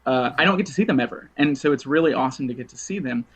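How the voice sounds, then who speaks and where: A man in casual podcast chat, spinning long rambling anecdotes and breaking into laughter. His voice sits at a middling pitch, and the recording is dull and lo-fi. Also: very fast, slightly rough. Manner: rambling storyteller, laughs often, lively retold quotes. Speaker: podcast guest.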